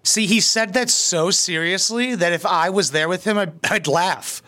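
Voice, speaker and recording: A man's voice: high voice, normal speed, bright, forceful tone. A man hosting a reaction video, mocking and sarcastic, with crude comedic commentary.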